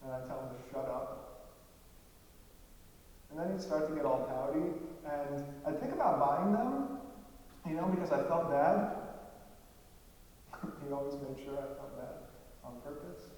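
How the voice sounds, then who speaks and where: Man, solo stage monologue, halting heartfelt delivery, slightly high voice, echoey hall from far off, faint hiss. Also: darkish tone. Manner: halting, heartfelt, with long pauses. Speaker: storyteller.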